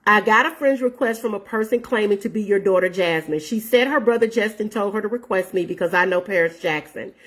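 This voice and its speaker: Brisk and with few pauses, her mid-range voice sounds a bit bright. The speaker is a woman in her fifties hosting her own show, who tells viewers a story earnestly and casually, reads out messages, and addresses them as "y'all."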